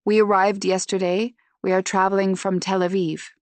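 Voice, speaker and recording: A woman's voice: mid-range voice, level tone, moderate pace, no echo, lightly acted. A woman voicing a nervous female tourist who speaks clipped English with a heavy Israeli accent, in an audiobook. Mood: polite.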